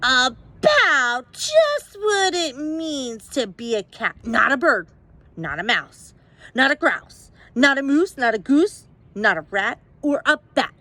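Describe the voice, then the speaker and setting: A woman's voice: high-pitched, very animated, slow pace, pushed and bright, no echo, full character voice. Picture a woman playing a stern, bossy mother cat from a storybook, scolding her kitten at length. The voice rises and falls a lot and takes its time, and it is heard close and dry. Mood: lecturing.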